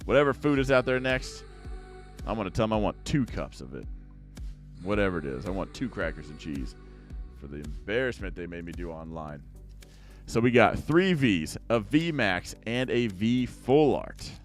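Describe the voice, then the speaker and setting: A young man chatting casually to viewers as he opens card packs, rambling along and now and then breaking into excited outbursts. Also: on the low side, normal speed, soft background music. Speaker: card-opening YouTuber. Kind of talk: casual pack-opening chat to viewers.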